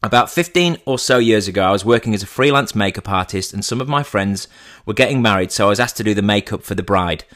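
A man's voice: fairly low pitch, lively intonation, fast, fairly bright tone. Chatty man telling a funny story. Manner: chatty, teasing. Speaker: podcast host. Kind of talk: comic storytelling.

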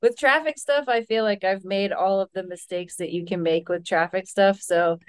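A woman co-hosting a podcast in casual chat, easygoing and quick to laugh. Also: mid-range voice, clear, resonant tone. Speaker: podcast co-host.

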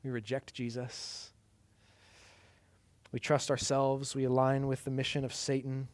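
A man preaching a sermon, swinging from loud, emphatic lines to hushed, quiet passages. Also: mid-range voice, fairly even intonation, moderate pace, dry recording. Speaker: pastor.

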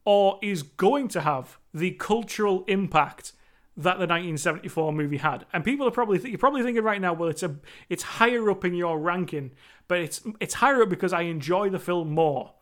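A man with a fairly high voice talks through a film review in a solo vlog. He is emphatic and enthusiastic, often stopping to restart or correct himself as he makes his case. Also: a bit bright.

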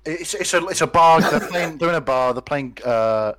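Animated man with a dry close sound. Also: a little high, no echo. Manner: halting, lots of ums and restarts. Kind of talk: casual comedic chat.

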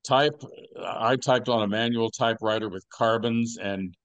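An older man hosting a podcast, telling rambling stories with deadpan jokes and lots of fillers. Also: lowish voice, a little slow, smooth, dry recording. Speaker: podcast host. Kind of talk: casual podcast chat.

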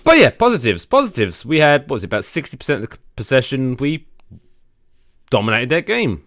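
A man's voice: mid-range voice, expressive, fairly quick, fairly bright tone, dry recording. A man with an English accent, co-hosting a casual podcast chat in a laid-back, joking way, with casual swearing. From England. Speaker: podcast co-host.

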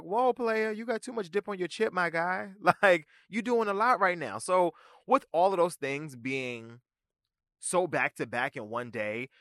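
A man hosts his podcast in an animated, sassy chat, full of slang and quick asides. His voice leaps up and down in pitch and has a bright, forward edge. It is recorded close and dry, with no room sound. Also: no echo. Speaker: podcast host. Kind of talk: casual recap commentary.

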